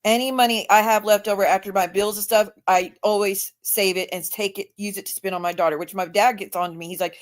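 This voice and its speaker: A woman's voice: mid-range voice, steady tone, fast, hardly any pauses. A woman hosting a live stream in casual chat, blunt and emphatic, swearing freely. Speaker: livestream host.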